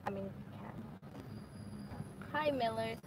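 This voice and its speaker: A woman's voice: fairly high pitch, takes it slowly. A woman riding as a passenger in a car, reading live-stream chat comments aloud in a playful way. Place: inside a moving car. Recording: road noise from a moving car.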